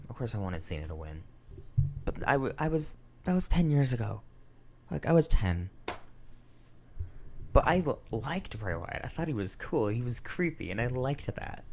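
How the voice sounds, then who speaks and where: A young man in his twenties talks through a wrestling review in a deep, low voice. He rambles with plenty of fillers, swears casually, and lets his feelings show openly. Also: gravelly, a little hiss or hum. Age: 20s. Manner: emotional, sentimental.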